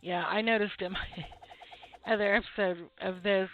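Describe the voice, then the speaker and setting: A woman's voice: medium pitch, fairly even intonation, normal speed, a little hiss or hum. A woman in a drowsy, laid-back voice, chatting through her gameplay as she builds up a shop. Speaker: gameplay video host. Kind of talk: relaxed gameplay commentary. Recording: tinny phone-like audio with faint game music.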